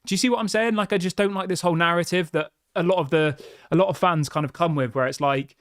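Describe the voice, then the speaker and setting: A man's voice: a little high, animated, quick pace, dry recording, studio quality. A man hosting a football channel, reading viewer comments aloud and giving blunt, frustrated opinions in a chatty way. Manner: frustrated, blunt and conversational, often saying "mate".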